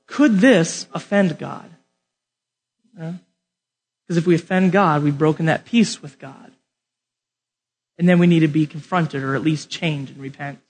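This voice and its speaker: A young man teaching a Bible lesson from an outline, animated and often asking the audience questions. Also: a little high, husky.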